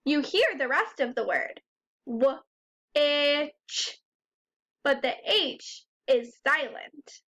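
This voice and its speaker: A woman teaching a first grade phonics lesson, who sounds out words slowly and clearly and asks the children questions. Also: high voice, sing-song, sharp tone.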